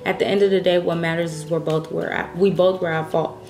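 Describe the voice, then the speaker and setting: A woman's voice: lowish voice, level tone, brisk, darkish tone, roomy sound, soft background music. A woman vlogger talking straight to her audience, upset and close to tears, rambling and restarting her sentences and swearing as she vents. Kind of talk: casual vlog monologue. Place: at home, indoors.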